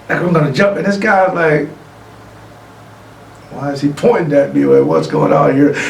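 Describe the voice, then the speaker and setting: Gravelly middle-aged man telling a story. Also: high voice, slight background noise. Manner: lively anecdotal storytelling. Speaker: award recipient and guest speaker. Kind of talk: storytelling speech. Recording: echoey room from far off, faint ambience.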